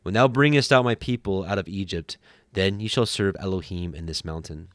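A man voicing God, who speaks from a burning bush in a slow, grave and commanding way. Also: low voice, a bit bright, dry recording, studio quality. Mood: solemn. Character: solemn divine voice of God from a bush.

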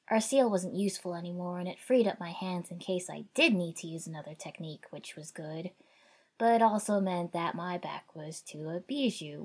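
A woman narrating a first-person fan fiction story in a wry, conversational way, raising her voice for shouted dialogue. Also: lowish voice, slightly rough. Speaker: audiobook narrator.

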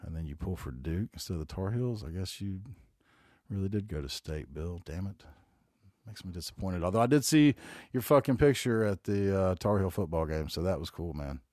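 A man's voice: deep voice, lively intonation, moderate pace, a little mellow, no echo, studio quality. A man in his forties with a Southern accent from North Carolina, rambling casually and profanely as he hosts a solo podcast. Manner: rambling, profane, laid-back storytelling. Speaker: podcast host.

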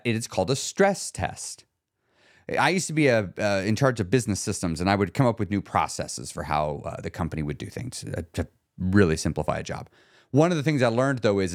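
Excitable man podcasting in a dry room. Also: on the low side, no room sound. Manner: excitable, gets worked up and rants. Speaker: podcast host, weight loss coach. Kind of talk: solo podcast monologue.

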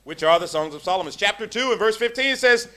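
Male preacher, animated sermon delivery with a raised pitch and restless restarts. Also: quick pace. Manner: animated, swings from hushed to loud emphasis; stammering restarts when excited. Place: church.

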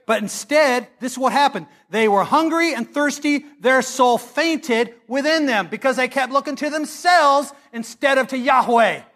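A middle-aged man, preaching a storytelling sermon. He is animated and humorous, and swings between loud and hushed. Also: very high voice, moderate pace, hardly any pauses.

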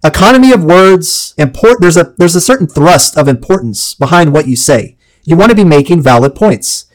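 A man hosting a solo advice podcast, talking in a measured, deliberate way with playful, jokey asides. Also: fairly high pitch, animated, low-quality recording. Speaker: podcast host.

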